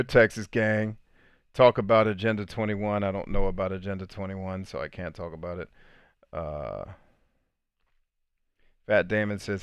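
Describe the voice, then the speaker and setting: A man's voice: fairly low pitch, smooth, dry recording. A man hosting a live podcast stream, reading comments and giving blunt, preachy opinions. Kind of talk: livestream chat.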